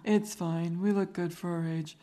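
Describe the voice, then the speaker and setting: A woman's voice: fairly low pitch, fairly even intonation, normal speed, mellow. Chatty middle-aged woman with an accent. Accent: regional American. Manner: chatty storyteller, laughs often. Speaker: podcast host. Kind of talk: casual chat.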